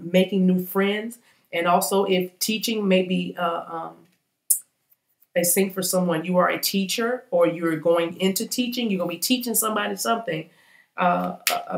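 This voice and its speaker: A woman gives viewers an encouraging spiritual reading in a fairly low voice. She talks casually, restarting sentences and repeating affirmations. Her voice carries the echo of a roomy space. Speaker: spiritual reader and channel host.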